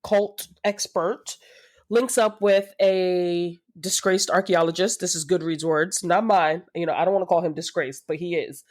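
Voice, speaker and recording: A woman co-hosting a podcast, animatedly pitching a book recommendation in casual chat. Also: moderate pace. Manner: animated, laughing, self-deprecating. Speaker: podcast co-host.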